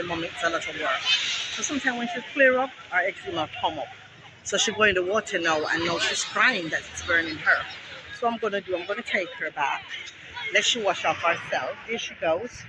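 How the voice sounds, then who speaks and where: A woman with a Jamaican accent vlogging casually at a busy beach, chatting to her viewers through a phone camera. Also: mid-range voice. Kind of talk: casual vlog chat. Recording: outdoor beach noise behind.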